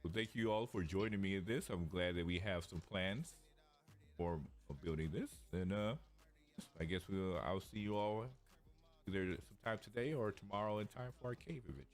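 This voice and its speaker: A man playing a tabletop role-playing game online, speaking in a lively way with a formal manner in character. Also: on the low side, normal speed, soft background music. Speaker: player.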